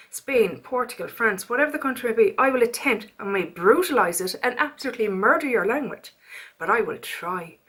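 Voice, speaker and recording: Bright-voiced chatty Irish woman. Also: on the high side, brisk, husky. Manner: chatty, animated, prone to rants. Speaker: beauty vlogger. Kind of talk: casual chatty haul vlog.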